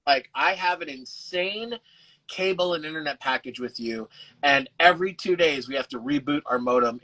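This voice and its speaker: Bright-voiced, laid-back man guest. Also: fairly high pitch, rough recording. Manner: laid-back, swears freely, laughs often. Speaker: actor and guest. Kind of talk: casual live video chat. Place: home, on a live video call. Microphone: video call.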